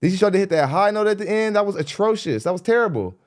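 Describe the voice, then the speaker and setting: A man hosting a podcast, giving blunt, animated commentary as he reacts to a clip, laughing often between points. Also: high voice, fast. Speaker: podcast host reacting to a dating show clip. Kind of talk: casual commentary. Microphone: studio dynamic mic.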